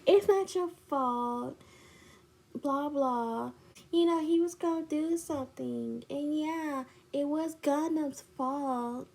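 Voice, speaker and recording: A woman voicing a two-faced young woman who acts falsely sweet, in a soft, high, drawn-out sing-song. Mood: fake sweet.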